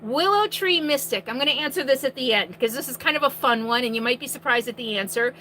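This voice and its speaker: A woman hosting a live question-and-answer stream from inside her RV, chatting casually and projecting her voice loudly. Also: high-pitched, lively intonation, fast, slight background noise, rough recording.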